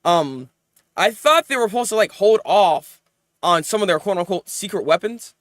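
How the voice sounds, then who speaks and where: A man reviewing anime episodes in casual, animated chat, venting and rambling as he goes. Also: high-pitched, no echo, studio quality. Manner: animated, rambling, quick to vent.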